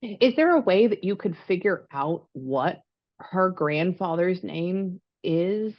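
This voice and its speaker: A woman working as a psychic medium, talking casually and excitedly over a call, rambling with lots of fillers. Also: on the low side, slow, no echo, muffled recording.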